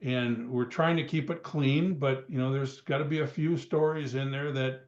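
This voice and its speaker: A man's voice: mid-range voice, fairly even intonation, moderate pace. A man in his sixties, a guest on a podcast, telling rambling stories and chuckling between them. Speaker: guest, retired wrestler. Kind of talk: casual storytelling. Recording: roomy, dull remote sound.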